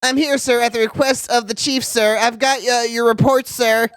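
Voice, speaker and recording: A man's voice: extremely high pitch, fairly even intonation, normal speed, a bit bright, smooth, no room sound, pitched above the performer's own voice. A man voicing a nervous young male rookie police officer who stammers and keeps saying sir. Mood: flustered. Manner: stammering, eager, over-polite.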